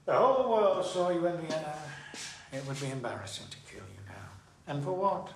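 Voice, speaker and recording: An actor playing a cold, menacing Soviet state official who speaks in calm, cutting, measured threats. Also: male voice, on the high side, reverberant, background noise. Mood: coldly threatening.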